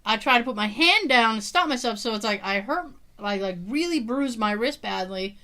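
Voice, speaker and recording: A woman's voice: a little high, moderate pace. A woman co-hosting a podcast, telling stories in casual chat, laughing often and swearing freely. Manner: laughing, animated storyteller who swears freely. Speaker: podcast co-host.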